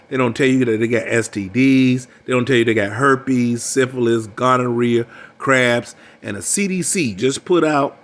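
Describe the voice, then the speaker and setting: A man's voice: medium pitch, fairly bright tone. An older man gives a preachy, emphatic monologue as a relationship coach. He keeps repeating his phrases for emphasis. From United States.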